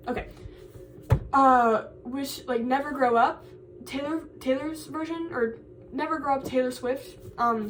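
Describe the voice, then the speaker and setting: A woman's voice: sits high, far from the mic, a little hiss or hum, low-quality recording. A young woman in college chatting casually for her vlog, rambling with lots of fillers and restarts. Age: young adult. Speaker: college vlogger.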